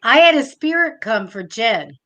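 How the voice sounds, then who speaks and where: A woman's voice: a little high, expressive, moderate pace, a bit bright, highs cut off. A woman co-hosting a live show as a tarot reader, who talks in a chatty, enthusiastic way with many exclamations. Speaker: psychic tarot reader, co-host.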